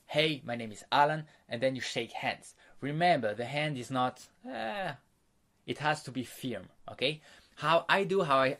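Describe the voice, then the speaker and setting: A man's voice: mid-range voice, a bit bright. A man teaching social skills, explaining step by step and acting out sample lines, with slightly non-native phrasing. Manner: plain, repetitive, demonstrates lines in quotes. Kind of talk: instructional talk to camera.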